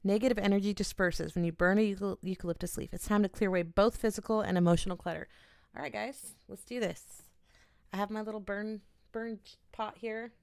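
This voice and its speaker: A woman, an oracle card reader, gently and earnestly talking viewers through a ritual in a small home studio in her bedroom. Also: mid-range voice, steady tone, a little fast, gravelly, clean tone, no room sound. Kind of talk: casual guided ritual talk.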